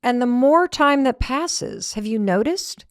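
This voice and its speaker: A middle-aged woman hosting a podcast, telling a story in an animated motivational talk that drops to whispered asides. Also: fairly high pitch, a little slow, clear, resonant tone, no echo, studio quality. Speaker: podcast host.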